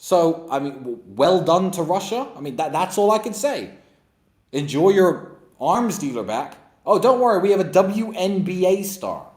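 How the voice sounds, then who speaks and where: A man's voice: high-pitched, lively intonation, moderate pace, darkish tone. Blunt sarcastic guy ranting, voice swings up and down a lot, echoey room. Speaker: host. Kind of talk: opinionated monologue and Q&A. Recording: roomy echo.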